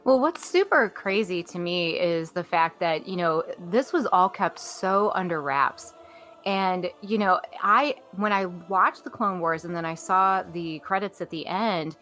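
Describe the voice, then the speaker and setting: A woman co-hosting a podcast, excited and gushing as she talks. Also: on the low side, a little slow, soft background music. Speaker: podcast co-host. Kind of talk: casual podcast interview.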